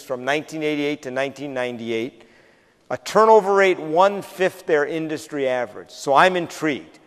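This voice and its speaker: Man telling stories in a big hall. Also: on the high side. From northern United States. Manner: anecdotal, acts out dialogue with dry humor. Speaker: keynote speaker. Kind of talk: storytelling keynote.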